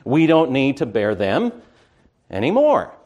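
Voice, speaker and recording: A man preaching a sermon with emphasis, who slows down to stress key words and often pauses on "uh". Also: mid-range voice, wildly swooping pitch, darkish tone, dull audio.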